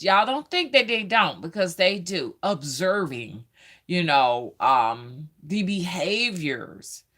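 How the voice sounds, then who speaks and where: A woman with a Southern US accent, hosting a casual live stream, chatting, greeting viewers by name and pausing often with "um". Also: lowish voice, a bit bright. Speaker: livestream host.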